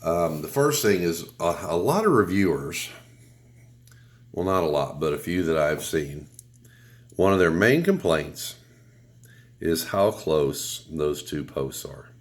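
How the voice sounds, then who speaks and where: A man with a cold and a deep, announcer-like voice, giving a relaxed, rambling product review with blunt remarks and some swearing. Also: takes it slowly, pauses often. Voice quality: deep radio announcer sound. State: has a cold.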